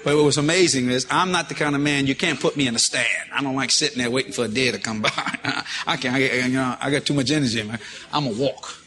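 A man preacher telling a story from the pulpit, animated and breaking into loud shouts of praise. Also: mid-range voice, fast talker. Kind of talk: storytelling sermon.

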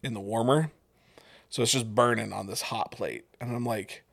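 A young adult man telling stories, swearing freely and acting out the people in them. His pitch sits in a plain middle range. The talk is a loose, rambling podcast chat. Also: normal speed, gravelly. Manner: profane, animated storytelling with acted quotes. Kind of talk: casual storytelling chat.

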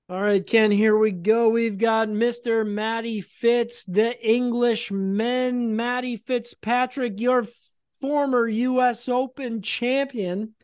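A woman's voice: on the high side, steady tone, takes it slowly, darkish tone, smooth, no room sound, studio quality. A woman hosting a casual podcast, running a sports bracket game with playful, announcer-style build-ups and quiz questions for her co-host.

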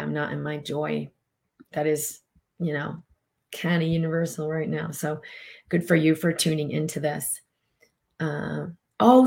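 A middle-aged woman hosting a podcast, talking casually in a chatty, filler-heavy way while coaching viewers and reading their comments. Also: on the low side. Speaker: podcast host.

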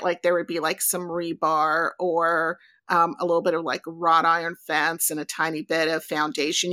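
A woman hosting a podcast who tells a travel anecdote casually, with lots of fillers and lively storytelling. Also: fairly low pitch. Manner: animated, chatty, filler-heavy.

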